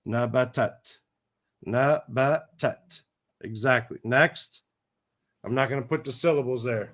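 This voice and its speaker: A man's voice: mid-range voice, a bit bright. A man teaching an Arabic reading lesson one-on-one in a patient, encouraging way. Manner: patient, encouraging, slow and careful.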